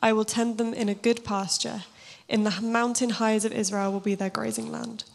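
A woman with a slightly husky voice, speaking casually and then giving a steady scripture reading in a sermon. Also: on the high side, moderate pace. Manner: informal and self-deprecating, steady even reading. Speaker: church speaker.

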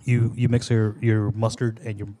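A man's voice: on the low side, flat delivery, normal speed, dark tone, a little hiss or hum. A man co-hosting a podcast in casual, joking chat, swearing freely while giving cooking tips. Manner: profane, joking, gives cooking advice. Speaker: podcast co-host. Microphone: audio interface.

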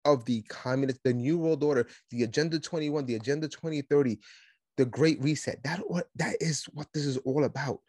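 A man hosting a political podcast, talking in an animated, sarcastic monologue and mocking his opponents. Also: mid-range voice, no room sound, clean studio sound. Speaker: podcast host.

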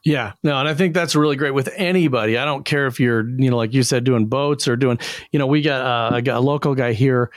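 A man co-hosting a casual podcast, chatty and telling anecdotes with lively quoted dialogue. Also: mid-range voice, a little fast, dry recording, studio quality.

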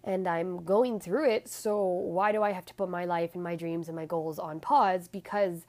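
A woman hosting her own podcast in a casual solo chat, with a raspy, stuffy-nosed voice, rambling with lots of ums and restarts. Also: lowish voice, fairly even intonation, moderate pace, darkish tone. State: out of breath at times. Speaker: podcast host.

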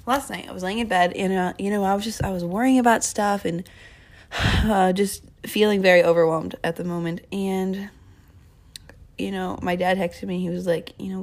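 A woman's voice: on the low side, steady tone, moderate pace. A young woman hosting a casual faith podcast, talking in a rambling, chatty way and often cutting herself off. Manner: rambling, chatty, self-interrupting. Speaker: podcast host. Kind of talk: casual Christian podcast talk.

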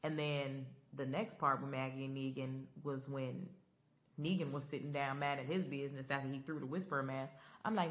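A woman with a bass voice hosts a podcast at a moderate pace, recapping a TV finale in a Black style. She's expressive, emotional and rambling, talking casually and directly to her listeners.

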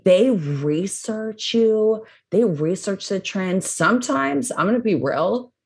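A woman co-hosting a podcast chat, eager and agreeing, with her pitch swinging up as she talks. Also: lively intonation, takes it slowly, creaky, darkish tone.

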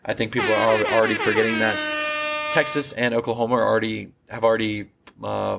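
A young man talks through a solo podcast episode in a mid-range voice. He rambles and restarts, piling on fillers as he delivers his opinions. The pitch sits right in the middle for a man. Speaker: podcast host.

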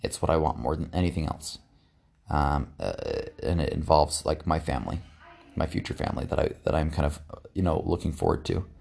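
A young man with a very low, gravelly voice talks through his thoughts in an earnest, reflective podcast monologue. He circles back on himself, repeating words and starting over as he goes. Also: a little fast, darkish tone. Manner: earnest, repeats and restarts words, trails off often. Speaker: podcast host.

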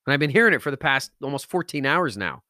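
A man's voice: mid-range voice, big pitch swings, quick pace, bright, forceful tone, dry recording, clean studio sound. A man hosting a podcast, telling an emotional story with intense, emphatic delivery that rises into outbursts. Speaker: podcast host.

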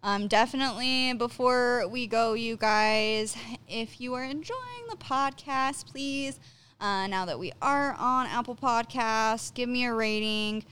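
A woman's voice: a little high, expressive, unhurried, fairly bright tone, a little hiss or hum. A young woman hosting a podcast, talking casually with lots of fillers and swearing freely. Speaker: podcast host. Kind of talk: casual chat.

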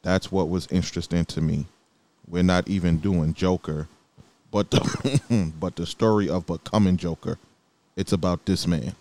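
Man, podcast co-host, very low voice, dry, steers the topics. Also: fairly even intonation, normal speed, darkish tone. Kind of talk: casual chat.

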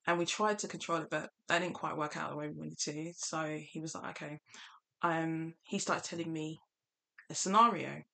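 A woman's voice: fairly low pitch, fairly even intonation, normal speed, vocal fry, sharp tone. A young woman hosting a podcast, telling a candid story with frequent laughter. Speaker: podcast host. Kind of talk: casual chat.

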